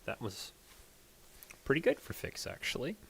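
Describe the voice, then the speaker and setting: A man acting as game master, narrating a tabletop game in casual chat, laughing often and pausing on fillers. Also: mid-range voice, huge pitch swings, vocal fry, noisy background.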